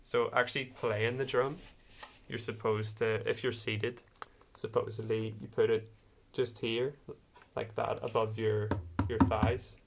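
A man's voice: medium pitch, gravelly. A man hosting a casual vlog, explaining an instrument hesitantly with many fillers. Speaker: video host. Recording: faint background noise.

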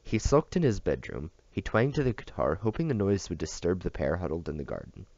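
A man reading a novel aloud at a steady pace, with small slips and restarts, on a dull, dry recording. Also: low-pitched, brisk, dry recording. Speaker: audiobook reader.

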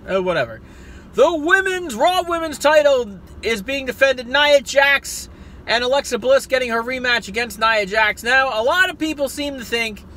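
A man's voice: very high-pitched, slight background noise. A man with a South Jersey accent ranting casually about wrestling picks from a parked car, profane and jokey. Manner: profane, excitable, jokey rants. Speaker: wrestling vlogger.

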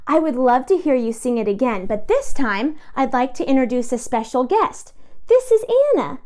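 High-voiced woman leading a kids' sing-along. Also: big pitch swings, a little mellow. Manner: slow, cheerful and encouraging, talking to small kids. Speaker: children's music teacher. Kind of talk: sing-along lesson for young children.

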